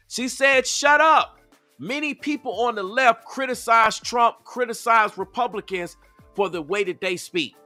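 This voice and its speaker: Bright-voiced man reacting to clips. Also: sits high. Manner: animated, repetitive, asks the audience. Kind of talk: casual reaction commentary.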